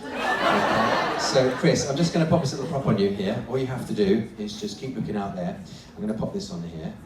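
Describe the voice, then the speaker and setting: Brief: man ventriloquist, lively teasing crowd work, echoey theatre, audience present. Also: lowish voice, a little fast, far from the mic, slight background noise. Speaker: ventriloquist comedian. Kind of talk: live stand-up with audience participation. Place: large cruise ship theatre stage.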